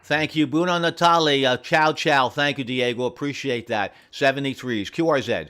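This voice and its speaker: A man running an amateur radio station from home, friendly and repeating call signs slowly and carefully. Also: medium pitch, fairly bright tone, clear, resonant tone. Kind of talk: on-air radio contacts, reading call signs.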